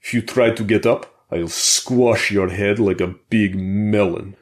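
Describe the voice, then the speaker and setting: A man's voice: fairly low pitch, fairly even intonation, unhurried, natural voice. A male narrator voicing a huge brutish male prison fighter with a thick Russian accent, growling and sneering. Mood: taunting.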